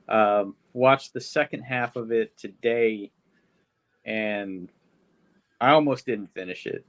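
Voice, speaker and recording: A man's voice: mid-range voice, a little slow. A man hosting a podcast, reviewing a movie in rambling casual chat full of swearing. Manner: rambling, swearing, frequent fillers. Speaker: podcast host. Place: podcast studio.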